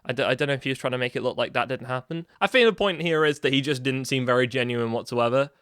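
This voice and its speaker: Young male vlogger, chatty storyteller, restarts a lot; smooth, mid pitch, dry sound. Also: quick pace, fairly bright tone, dry recording. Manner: rambling, many restarts and asides. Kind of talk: casual storytime.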